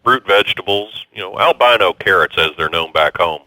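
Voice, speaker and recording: A man's voice: low-pitched, a little fast, bright, forceful tone, dry recording, low-quality recording. An actor voicing an eccentric male gardener who calls a radio show and rambles insistently.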